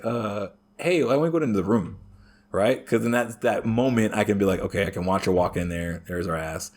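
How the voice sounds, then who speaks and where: Husky-voiced guy ranting and swearing, crude stories, casual chat. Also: mid-range voice. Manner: crude, heavy swearing, animated storytelling. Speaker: podcast guest.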